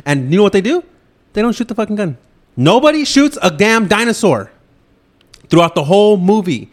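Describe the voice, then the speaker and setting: Podcast host, man, fast profane movie rant, higher-pitched voice. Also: very animated. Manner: loud, swearing, rapid ranting.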